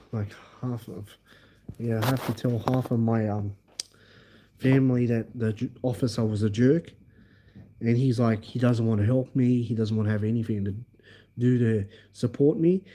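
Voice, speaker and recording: Very dark-voiced rambling Australian man. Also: mid-range voice. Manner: rambling, repeats himself, many fillers. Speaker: livestreamer. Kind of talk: casual storytelling to viewers.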